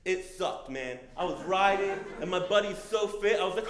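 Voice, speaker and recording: A young man spins a comic story from a stage, his voice sitting a little high for a man. He talks loose and casual, cursing freely as he acts out the scenes. The room rings with a roomy echo. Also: normal speed, crowd noise. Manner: laid-back, swearing, animated retelling. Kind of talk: live comedic storytelling. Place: comedy stage in front of an audience. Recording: echoey live room.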